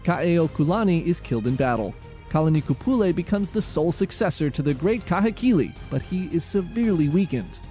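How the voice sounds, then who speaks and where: A man giving dramatic, measured scripted narration of a history documentary. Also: high voice, dark tone. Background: faint music.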